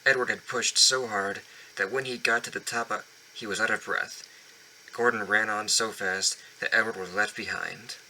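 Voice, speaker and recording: A man reads a children's story aloud, stumbling now and then and going back over words. His voice sits fairly low but comes across bright and crisp, recorded at home. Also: steady tone, moderate pace, a little hiss or hum, poor audio. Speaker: reader of a children's book. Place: home basement.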